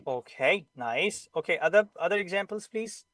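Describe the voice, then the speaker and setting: High-voiced Pakistani English teacher. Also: male voice, lively intonation, moderate pace, a bit bright, no echo. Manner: explains patiently, repeating the key sounds. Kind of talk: online class lesson.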